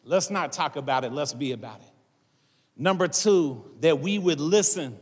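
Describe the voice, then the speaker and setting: A man's voice: a little high, lively intonation, normal speed, husky. A man, a pastor preaching a casual sermon to his congregation and filling it with "man" and "all right". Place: large church hall. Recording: long hall reverb.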